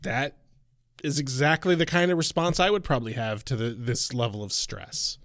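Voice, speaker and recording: A man's voice: mid-range voice, fairly even intonation, moderate pace, fairly bright tone, no echo, studio quality. A man co-hosting a casual podcast review, venting with profanity and exasperation about poor plotting. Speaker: podcast co-host.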